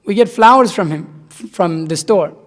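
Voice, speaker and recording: A man's voice: sits high, normal speed, slight background noise. A man from Nepal, giving a rambling, conversational scripture class and repeating points for emphasis. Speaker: spiritual teacher. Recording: long reverb in a hall.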